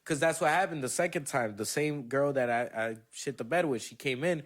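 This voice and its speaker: Brief: young male comedian guest, swears freely, animated storyteller acting out quotes. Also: fairly high pitch, fairly quick. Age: young adult. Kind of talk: casual podcast storytelling.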